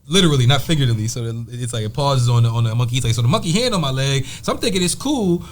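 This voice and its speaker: A man telling stories in a casual podcast chat, animated and acting out the people he quotes. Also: mid-range voice, racing, a little hiss or hum. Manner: animated storyteller, quotes others in voices. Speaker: podcast co-host.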